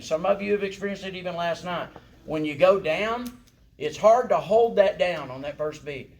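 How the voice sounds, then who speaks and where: Folksy man teaching song leading. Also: high voice. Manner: folksy, encouraging, often asks "right?". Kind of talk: congregational singing lesson.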